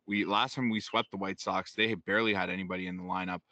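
A man's voice: low-pitched, level tone, quick pace, bright, forceful tone, no echo. A man co-hosting a sports podcast, rambling in casual talk with many fillers. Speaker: podcast co-host.

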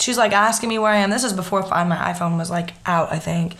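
A young woman telling a story in casual chat, animated and swearing freely. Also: medium pitch, fast.

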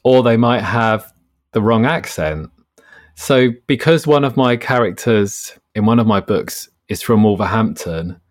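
Author guest, lowish voice, relaxed and explanatory. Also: male voice. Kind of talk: casual conversational interview.

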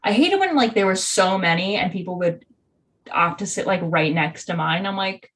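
A woman's voice: medium pitch, animated, normal speed, a bit bright, poor audio. A young woman co-hosting a podcast in casual chat, chatty and giggly, with lots of "like" fillers. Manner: chatty, giggly, heavy use of "like". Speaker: podcast co-host.

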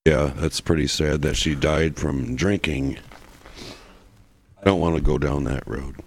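A man's voice: very deep voice, fairly even intonation, a little slow. A man chatting loosely as a podcast guest, profane and full of restarts. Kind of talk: casual podcast chat.

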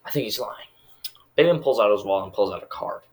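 A man's voice: on the low side, animated, quick pace, noisy background. A man casually recapping a movie, rambling and full of filler words.

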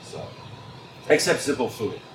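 A man's voice: medium pitch, measured pace. Casual Texan man, rambling talker, echoey noisy room. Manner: relaxed, rambling, repeats words. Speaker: tobacconist guest. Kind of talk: casual chat. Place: inside a train car lounge. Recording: roomy echo, clear background noise.

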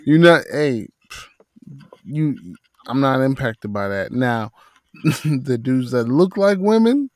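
A man's voice: mid-range voice, animated, slow pace, pauses often, darkish tone, no echo, clean studio sound. Blunt man on a podcast. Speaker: podcast co-host. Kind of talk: casual chat.

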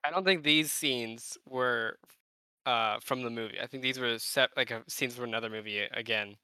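A man's voice: mid-range voice, moderate pace, sharp tone, clean tone, no echo, rough recording. A man co-hosting a podcast, chiming in briefly and laughing along in a casual movie chat. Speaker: podcast co-host.

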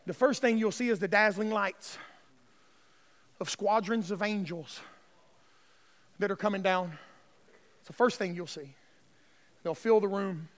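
A male pastor preaching a sermon, swinging between hushed, tender passages and loud, shouted exclamations. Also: sits high, unhurried, pauses often.

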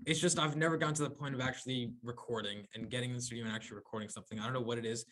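A man's voice: medium pitch, steady tone, very fast, a bit bright. A young man chatting casually with his friends on a podcast, telling stories and corny jokes, laughing often. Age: young adult. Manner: laughing, corny-joke storyteller, says man a lot. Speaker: podcast co-host. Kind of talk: casual chat among friends.

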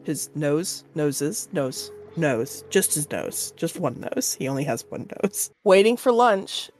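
A woman's voice: sits low, big pitch swings, slow pace, darkish tone, soft background music. A woman narrating a tabletop game as game master, chatty and full of fillers.

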